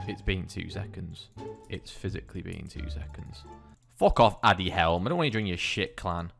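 A man's voice: low-pitched, fairly quick, gravelly, soft background music. A man hosting a gaming channel, swearing and joking as he commentates his own gameplay. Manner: excitable, swearing, jokey banter.

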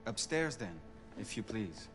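A man's voice: lowish voice, sing-song, unhurried, background noise. An actor playing a polite, witty French nobleman with a French accent in a video game. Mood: courteous. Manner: courtly, polished. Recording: game audio with music behind.

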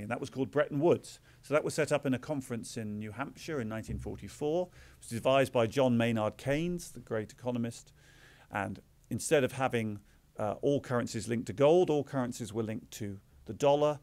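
A man's voice: medium pitch, a little fast, a little mellow. A middle-aged Englishman giving a public talk as a visiting author, explaining with dry, self-deprecating asides. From England. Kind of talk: public lecture.

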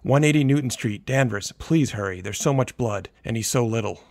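A man's voice: mid-range voice, fairly quick, creaky, darkish tone, dry recording, studio quality. A man voicing a panicked young adoptive mother, pleading breathlessly on an emergency call. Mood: frantic.

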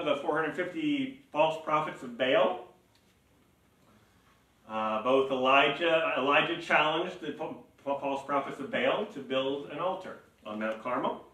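A bright, forceful man preaches a lively sermon, laughing easily and throwing on mocking voices for the stories. His voice rings through a roomy church hall, picked up from some distance off the mic. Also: mid-range voice. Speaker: pastor. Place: church sanctuary.

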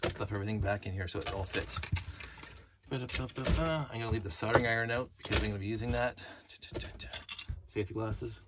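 A man's voice: lowish voice, fast talker, long pauses, heavy background noise. A middle-aged man talking in a casual, rambling monologue, going off on tangents and humming to himself. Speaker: hobbyist vlogger.

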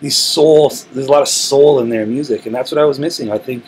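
Relaxed male musician telling rambling stories. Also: mid-range voice, a little fast, slight background noise, rough recording. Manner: relaxed, rambling storytelling with frequent restarts. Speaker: musician, interview guest. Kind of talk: casual interview talk. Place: recording studio.

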